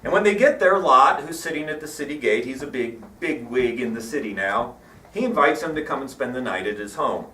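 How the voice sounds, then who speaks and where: A man giving a sermon in a church, telling stories in an irreverent, wry, animated way. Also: medium pitch, brisk. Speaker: preacher. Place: church hall. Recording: echoey hall, mic at a distance.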